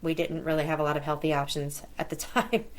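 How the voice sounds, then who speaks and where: A middle-aged woman with a slightly lower pitch tells a personal story as a podcast host. She sounds conversational and relaxed, and she animates the remembered dialogue as she goes. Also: fast. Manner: conversational, lively retelling of dialogue.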